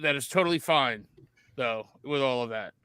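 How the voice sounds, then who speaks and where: A man's voice: mid-range voice, moderate pace, crowd noise. A man co-hosting a podcast, ranting in casual chat and repeating himself as he searches for words. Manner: hesitant and repetitive, ranting. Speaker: podcast co-host.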